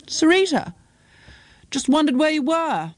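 A woman voicing a frank, impatient grown daughter who talks in brisk, scolding lines. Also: sits high, very animated, no room sound, voice pushed up. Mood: blunt.

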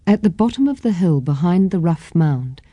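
A woman reading a children's story aloud in a gentle, expressive way. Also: fairly low pitch, normal speed, no room sound. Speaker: storybook reader.

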